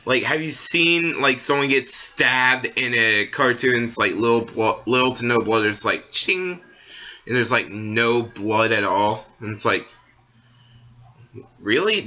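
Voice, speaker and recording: A man's voice: medium pitch, lively intonation, a little slow, sharp tone, dull audio. A young man ranting casually to camera as a vlogger, rambling along with many fillers and restarts. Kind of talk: casual opinion rant.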